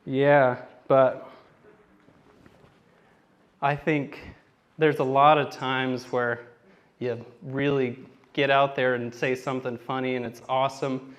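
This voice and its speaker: A young man doing a stand-up comedy set on a theater stage, telling rambling, self-deprecating stories and acting out what people said. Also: mid-range voice. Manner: rambling self-deprecating storytelling with acted-out quotes.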